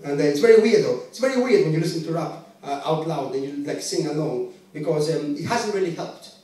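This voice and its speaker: Greek man, stand-up comic, high voice, boomy distant club sound, deadpan crowd work. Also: a little fast. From Greece. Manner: deadpan, conversational, teasing the crowd. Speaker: stand-up comedian. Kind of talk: stand-up comedy set. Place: comedy club stage. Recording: echoey room from a distance.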